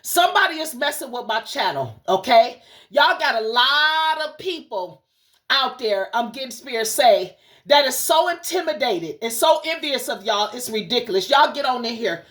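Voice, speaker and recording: A woman's voice: a little high, animated, moderate pace, a bit bright. A woman running a livestreamed spiritual message as channel host, speaking fervently and preacherly, cursing often and talking straight to her audience. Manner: addresses the audience directly and repeatedly.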